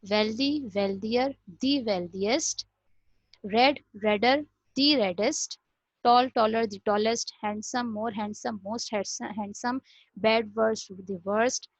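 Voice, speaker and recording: A woman teaches grammar step by step, checking in with a frequent "okay". Her voice sits fairly high. The recording is dry and a bit dull, like a lo-fi home setup. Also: no room sound. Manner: explains step by step, repeats "okay", mixes in Hindi phrases. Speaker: English teacher. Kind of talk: classroom grammar lesson.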